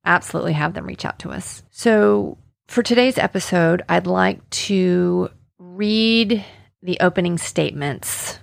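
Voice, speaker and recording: A woman's voice: lowish voice, unhurried, gravelly, dry recording, clean studio sound. A woman from Alabama hosting a true-crime podcast alone, talking conversationally with indignation and lots of fillers. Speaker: podcast host.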